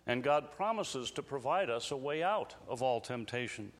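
A man preaching a sermon in an earnest, measured way, slowing down on emphatic phrases. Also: medium pitch, animated. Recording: long reverb of a large hall.

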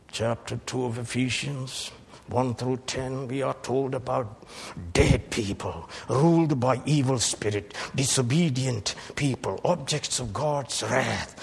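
A man preaching a sermon as pastor, swinging between hushed lines and shouted climaxes. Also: medium pitch, creaky.

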